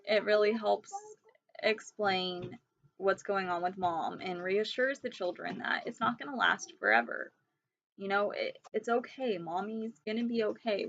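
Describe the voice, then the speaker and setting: A young woman speaks straight to camera at home, earnest and emotional, pleading with listeners again and again. Her voice sits at an ordinary middle pitch, captured on a somewhat dull, muffled home recording. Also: creaky, fairly bright tone. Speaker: vlogger sharing pregnancy illness resources. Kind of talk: earnest direct-to-camera vlog talk.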